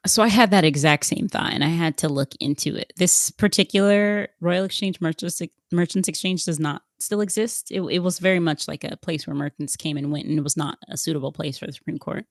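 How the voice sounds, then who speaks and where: Podcast co-host, woman, lower voice, measured explainer who keeps asking her partner questions; dead-dry close mic. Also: dry recording.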